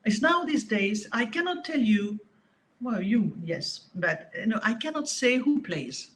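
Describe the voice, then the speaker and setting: A woman with a French accent, a harp teacher speaking in a casual interview, talking in an animated, emphatic way with frequent restarts. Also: a little high, unhurried.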